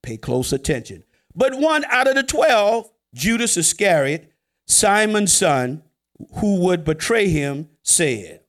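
High, animated joking male preacher. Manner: conversational, joking preaching with sudden swings from loud to hushed. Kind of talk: sermon.

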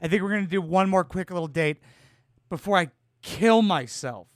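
A man in his twenties hosting a podcast, reacting loudly and mockingly to a video clip and swearing often. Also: high-pitched, moderate pace, no room sound, clean studio sound. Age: 20s. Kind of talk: casual reaction commentary.

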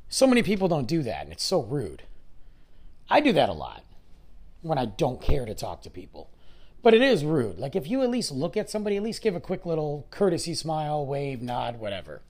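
A podcast host in his adult years tells a story in a loose, rambling way, piling on asides and little fillers. His voice sits at an ordinary middle pitch for a man but swings up and down with lively animation. The delivery is casual and conversational. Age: adult with a school-age son.

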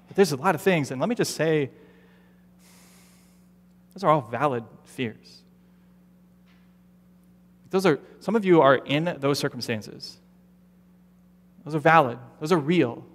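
A man preaching a sermon as pastor, animated and conversational, acting out his listeners' doubts in quoted asides. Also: medium pitch, measured pace, pauses often. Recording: long reverb of a large hall.

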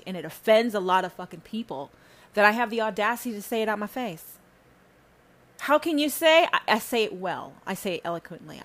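A woman hosting her own podcast, delivering a sermon-like rant packed with swearing. Her voice sits at an ordinary middle pitch, and she hammers her points with emphatic bursts before dropping to low, muttered asides. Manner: profane, emphatic, swings between loud and low. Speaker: podcast host. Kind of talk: preachy spiritual rant.

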